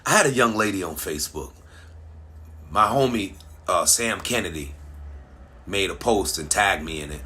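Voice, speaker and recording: A man speaks in an animated, lively monologue to his followers, stumbling and restarting often. His voice is bright and forward, with pitch that swings widely from low to high. He presses his points with repeated rhetorical questions. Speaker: commentator. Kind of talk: casual monologue to social media followers.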